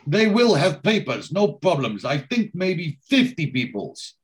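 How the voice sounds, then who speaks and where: A blunt foreign gangmaster speaks in short, broken sentences, as a man retelling a scene puts him on. He clips every phrase and keeps it businesslike. His voice sits a little higher than ordinary talk. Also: big pitch swings, unhurried.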